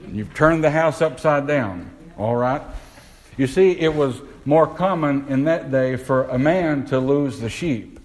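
Male preacher, mid-pitched voice, questioning sermon delivery. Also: darkish tone, poor audio. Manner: asks the congregation questions, slows down to stress words.

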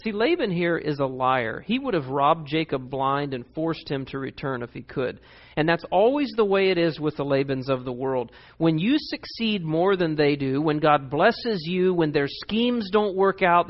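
Brief: male pastor, high voice, lively and emphatic in his preaching, lo-fi sound. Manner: animated, emphatic, reads scripture aloud. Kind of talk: sermon.

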